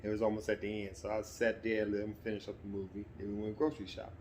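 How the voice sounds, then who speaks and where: A middle-aged man with a somewhat low voice tells a personal anecdote in an easygoing, conversational way. He slips into livelier, more animated delivery now and then. A faint hum of ambient noise sits behind him. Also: quick pace. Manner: relaxed, conversational, breaks into animated quoted voices. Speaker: storyteller. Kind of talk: casual spoken anecdote.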